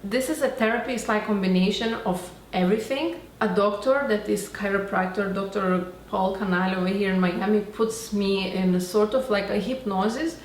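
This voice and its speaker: A woman's voice: medium pitch, normal speed, few pauses. Chatty woman vlogging in a roomy space. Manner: enthusiastic, rambling, acts out quoted dialogue. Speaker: beauty and self-help vlogger. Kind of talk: casual talking-to-camera vlog. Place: home, Florida. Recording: roomy echo, faint background noise.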